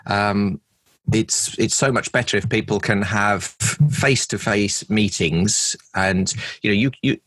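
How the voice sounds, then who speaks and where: A man's voice: lowish voice, a little slow, fairly bright tone, dry recording, low-quality recording. A middle-aged comedian from London with a London accent, chatting in a podcast interview about his work, anecdotal and self-deprecating. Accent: London English. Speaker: comedian and former presenter, guest.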